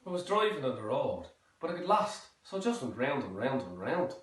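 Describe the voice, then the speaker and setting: A man's voice: medium pitch, big pitch swings, fairly quick, reverberant, far from the mic, lightly acted, rough recording. A man voicing a bewildered Texan man with a broken pickup, with a Texan accent. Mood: pleading.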